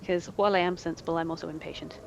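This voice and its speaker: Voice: mid-range voice, fairly even intonation, rapid-fire, gravelly, muffled recording, slight background noise. Practical dry-humored player. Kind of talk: casual tabletop chat.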